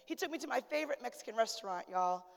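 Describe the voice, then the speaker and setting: A woman in her forties preaches from the pulpit in a high, lively voice, trading call-outs with her congregation. Her sermon has a relaxed, storytelling feel. The sound carries the long reverb of a church hall. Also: quick pace, creaky. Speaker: pastor. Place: church sanctuary.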